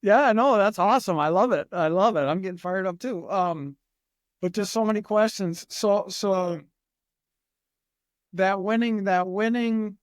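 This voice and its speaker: A man's voice: high voice, a little slow, dry recording, clean studio sound. A man hosting a podcast, asking questions with eager enthusiasm. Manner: enthusiastic, thinking aloud in questions. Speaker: podcast host. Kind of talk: casual interview chat.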